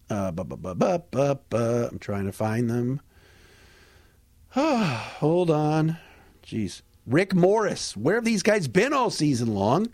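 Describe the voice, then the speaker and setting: A man hosting a sports podcast, giving a casual postgame recap in a lively, conversational way with fillers and restarts. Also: on the high side, no room sound, studio quality. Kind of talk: casual postgame recap and host-read ads.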